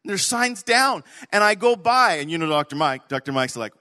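A man preaching a sermon, telling an animated story, swinging from loud to hushed. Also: high-pitched, moderate pace. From Canada. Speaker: pastor.

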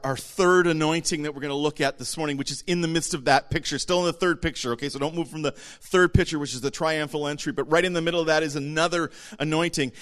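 A man preaching a sermon, animated, acting out little voices and dropping to a whisper for emphasis. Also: on the high side. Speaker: pastor.

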